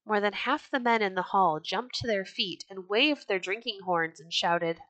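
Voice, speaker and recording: Woman reading a story aloud, bright and dry. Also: medium pitch, moderate pace, few pauses, dry recording. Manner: expressive storytelling. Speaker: storybook podcast reader. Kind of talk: reading a children's classic aloud.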